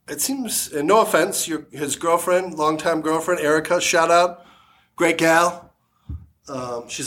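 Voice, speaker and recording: A man's voice: high-pitched, fairly bright tone. A man hosting a casual sports podcast, joking crudely and laughing often. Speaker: podcast host.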